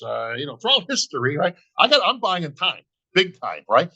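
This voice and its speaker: Middle-aged guy on a podcast, kinda high bright voice, telling a story and doing all the voices. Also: big pitch swings, normal speed, rough recording. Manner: acts out both sides of conversations, says "bro" and "right?" constantly. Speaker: bodybuilding show emcee.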